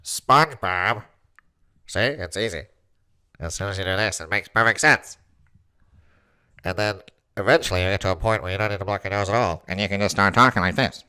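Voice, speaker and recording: A man's voice: on the low side, fairly quick, pauses often, sharp tone, clear, resonant tone. A man voicing a grumpy male cartoon squid in a nasal voice. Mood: dry.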